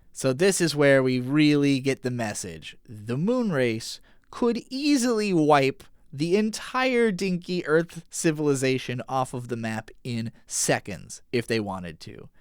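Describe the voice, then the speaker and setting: A man's voice: fairly high pitch, clear, resonant tone, no room sound, clean studio sound. A man hosting an anime podcast, casually recapping and analyzing an episode in a conversational, occasionally profane way. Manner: casual, profane, retells scenes with quick paraphrased dialogue.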